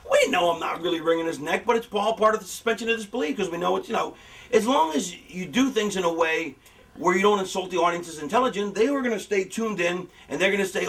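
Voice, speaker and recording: Animated man, high voice, a bit off-mic. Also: distant mic. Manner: animated, acts out fan reactions in a higher voice. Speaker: former wrestler talking about booking. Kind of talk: casual rambling storytelling with profanity.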